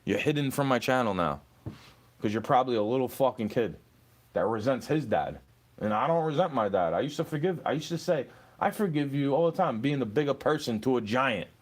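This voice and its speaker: A young man in an angry, profane rant aimed at an online troll. His pitch swings widely as he lectures and taunts, and he keeps falling back on "bro.". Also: animated, a little fast. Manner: profane, confrontational, repeats "bro".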